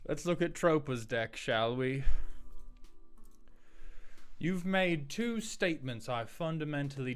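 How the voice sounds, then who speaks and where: A man's voice: mid-range voice, clean tone, pitched above the performer's own voice, natural voice. A man voicing a snobbish, scornful rich older British man with a put-on upper-class British accent, drawing out his vowels and tossing out haughty insults. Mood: pompous.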